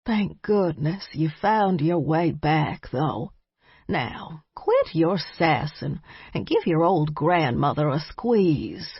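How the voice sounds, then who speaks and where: A woman's voice: medium pitch, sing-song, slow pace, husky, no echo, full character voice. A woman voicing an older grandmother with a folksy, scolding, affectionate drawl, recorded a little muffled. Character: warm bossy Southern grandmother, older woman.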